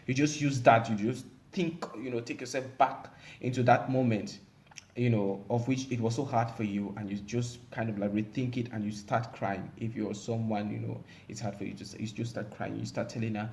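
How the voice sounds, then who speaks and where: A man's voice: medium pitch, fairly even intonation, fairly quick, gravelly, a little mellow. A man giving relationship advice in a casual monologue, rambling and emphatic, with many fillers.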